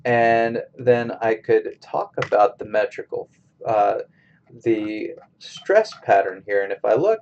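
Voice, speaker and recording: In a recorded screencast lecture for a college English class, a man explains things step by step, slowly and methodically. His voice is lowish and darkish in tone, and the audio sounds dull.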